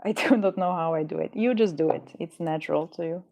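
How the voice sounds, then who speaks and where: A woman's voice: on the low side, brisk, vocal fry, dark tone. A woman streamer chatting casually and jokingly with her viewers, rambling and tripping over words. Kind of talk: casual live-stream chat. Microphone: headset or desk mic.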